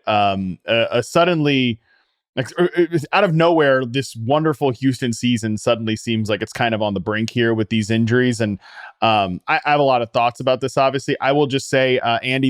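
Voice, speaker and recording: A man co-hosting a fantasy football show, telling quick, self-mocking stories in casual chat. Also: medium pitch, no echo, clean studio sound. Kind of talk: casual sports analysis chat.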